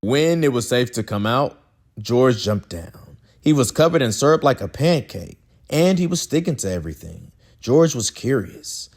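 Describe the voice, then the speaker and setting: A man reading a children's picture book aloud with expressive delivery and playful slang asides. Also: medium pitch, moderate pace. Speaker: read-aloud narrator.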